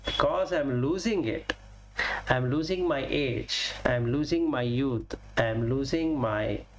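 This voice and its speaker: With a mid-range voice and a slight hiss or hum in the background, a male teacher gives a Dhamma talk, carefully introducing Pali words and unpacking each in simple English using everyday examples.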